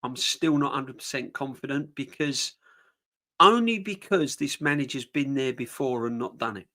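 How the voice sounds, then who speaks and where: A middle-aged man hosting a football fan stream, reading viewer comments and answering them in an animated, emphatic way, often repeating his points. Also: medium pitch, moderate pace. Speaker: football fan channel host.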